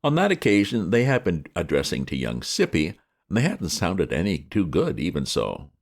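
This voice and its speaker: Male audiobook reader; very deep, gravelly voice, lively wry delivery. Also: moderate pace. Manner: lively, wry comic storytelling. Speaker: reader of classic fiction. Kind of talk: audiobook narration.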